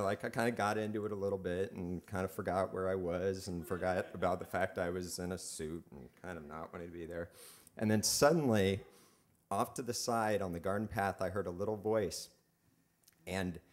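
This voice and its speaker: A man with a fairly low voice tells a story live from a club stage. He is chatty and self-mocking, often stumbling and restarting his sentences as he goes.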